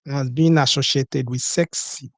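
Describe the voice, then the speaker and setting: A man's voice: mid-range voice, fairly even intonation, a little slow, dry recording. A man hosting a solo podcast, talking in a rhetorical way, repeating his points and asking "okay?" to his listeners. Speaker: podcast host.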